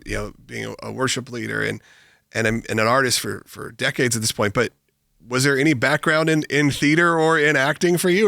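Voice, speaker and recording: A man's voice: mid-range voice, creaky, sharp tone, no echo, studio quality. A man interviewing a guest, asking questions in an easygoing, casual way.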